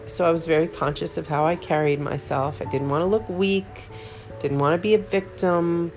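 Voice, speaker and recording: A woman's voice: sits low, darkish tone. A middle-aged woman telling a personal story in a candid, reflective monologue, often restarting her sentences. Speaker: podcast host.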